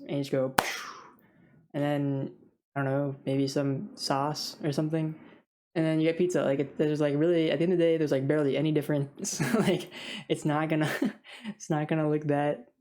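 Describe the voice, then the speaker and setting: A young woman with a notably low voice rambles through a casual rant, full of fillers and little laughs. She talks loosely and informally, like venting to a friend. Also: level tone, moderate pace, warm tone. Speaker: food service worker.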